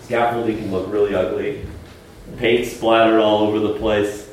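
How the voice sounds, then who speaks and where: A man preaching a sermon, moving between loud emphatic peaks and hushed low lines and asking the congregation rhetorical questions. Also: level tone, moderate pace, heavy reverb, a little hiss or hum, poor audio.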